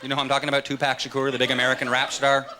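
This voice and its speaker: A man doing a stand-up comedy set on stage, acting out voices and shouts. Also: mid-range voice, racing, background noise. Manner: animated, jumps into shouted voices for characters. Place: comedy club stage with audience laughter. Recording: live club recording, loud audience laughter.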